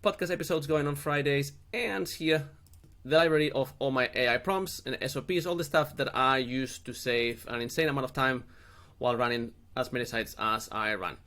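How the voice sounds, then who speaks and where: Chatty jokey guy hosting a tutorial, middle-aged, mid-pitched voice, lots of little asides. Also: moderate pace, fairly bright tone. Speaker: SEO channel host. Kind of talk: screen-share tutorial.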